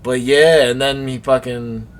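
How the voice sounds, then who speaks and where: A young man co-hosting a casual motorsport recap, slangy and excitable, swearing and telling stories with animated energy. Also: mid-range voice, measured pace. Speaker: co-host. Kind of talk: casual recap commentary over race footage.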